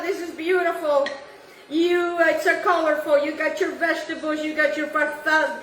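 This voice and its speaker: Effusive high-voiced woman cooking in kitchen. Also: steady tone, normal speed, fairly bright tone, roomy sound, distant mic, slight background noise, poor audio. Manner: effusive, repeats "beautiful" and "wonderful", drops Italian words. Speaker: cooking show host. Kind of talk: casual home cooking demonstration. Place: home kitchen.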